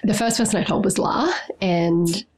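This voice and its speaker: A woman's voice: medium pitch, moderate pace, a little mellow. A woman in her thirties telling a personal story as a podcast guest, acting out her own quotes and laughing often. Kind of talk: casual storytelling chat.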